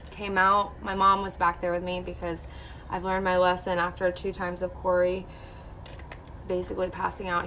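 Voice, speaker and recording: A woman's voice: lowish voice, a bit bright, a little hiss or hum. A young woman vlogger candidly telling a personal story to her viewers, emotional and full of "like". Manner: candid, emotional, heavy use of "like".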